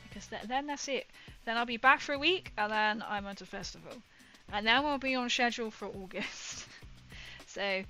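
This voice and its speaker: An Englishwoman hosts a livestream, chatting casually with viewers, rambling and laughing often. Her voice is medium in pitch, pushed and bright.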